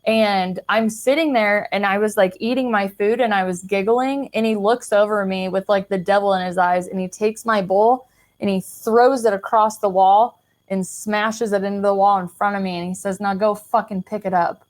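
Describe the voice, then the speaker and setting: A woman's voice: mid-range voice, fairly even intonation, normal speed. Chatty young woman telling her story. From Kansas City, Missouri, US. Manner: frank and chatty, heavy use of "like", casual swearing. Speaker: podcast guest. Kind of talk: candid personal storytelling in a casual chat.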